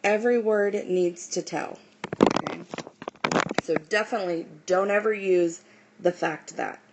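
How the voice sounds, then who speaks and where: A woman teacher explaining writing style in a recorded lesson, often pausing on "okay" and "um". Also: fairly low pitch, very noisy.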